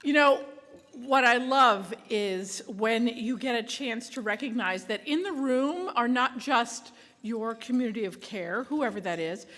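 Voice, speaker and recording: A woman emcees a live awards ceremony with an easy, playful manner. Her voice sits on the higher side, and it carries with the long echo of a large hall. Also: fairly bright tone. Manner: playful, jokey, chatty.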